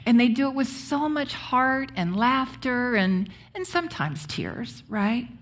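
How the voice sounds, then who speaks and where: A woman's voice: a little high, very animated, measured pace. A woman pastor giving a conversational sermon, often checking in with her congregation. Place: church sanctuary.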